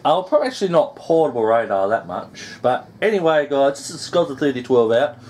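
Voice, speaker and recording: Excitable man with a lively voice. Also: medium pitch, fairly quick, a little hiss or hum. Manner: excitable, swears and groans at setbacks. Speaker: gaming YouTuber. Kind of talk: gameplay commentary.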